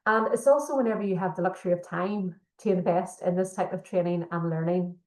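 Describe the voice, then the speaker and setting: A woman's voice: on the low side, fairly even intonation, fairly quick, a little mellow. A woman facilitating a leadership training session, explaining steadily with frequent fillers. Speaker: workshop facilitator. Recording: echoey room.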